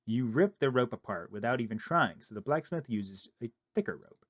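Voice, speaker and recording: A man playing a horror game, reading the on-screen text aloud in a low murmur and reacting with loud, startled outbursts. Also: expressive, moderate pace. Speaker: gaming video creator. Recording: loud game music under the voice.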